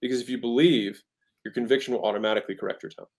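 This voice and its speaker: This entrepreneur, appearing as a guest in a casual interview, talks sales in a rapid-fire, mid-range voice with fairly even intonation. He's emphatic and always checking in with "right?", acting out tones of voice to make his points.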